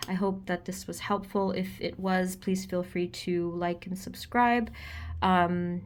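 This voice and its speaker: Soft reassuring lady doing a tarot reading, lots of ums, laughs easy. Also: fairly low pitch, steady tone, takes it slowly. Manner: gentle, reassuring, with frequent ums and likes; laughs easily, chatty. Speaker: tarot reader. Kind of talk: pick-a-card tarot reading to viewers.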